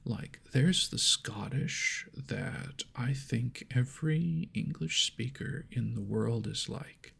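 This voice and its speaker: A man hosting a whispered ASMR chat into an ears mic, soft and rambling, laughing at himself. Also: mid-range voice, slow, vocal fry, breathy edge. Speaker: ASMR channel host. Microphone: homemade binaural ears mic.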